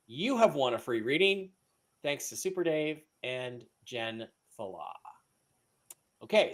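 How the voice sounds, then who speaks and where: A man hosting a live stream, chatting loosely, reading out giveaway winners and stumbling over names. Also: on the high side. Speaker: livestream host. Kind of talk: casual live-stream chat.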